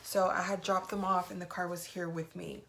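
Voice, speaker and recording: Young woman with a low, gravelly voice. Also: little pitch movement, normal speed, fairly bright tone, a little hiss or hum. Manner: retells events with reported dialogue, many "like" fillers. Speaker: vlogger. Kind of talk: casual personal storytelling.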